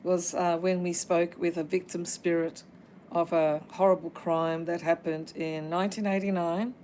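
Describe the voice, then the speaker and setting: A woman's voice: lowish voice, little pitch movement, a little mellow, a little hiss or hum, poor audio. A woman hosting a paranormal livestream. She chats casually, calls out to spirits, and fills her talk with ums and uhs. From Australia. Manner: halting, full of ums and uhs.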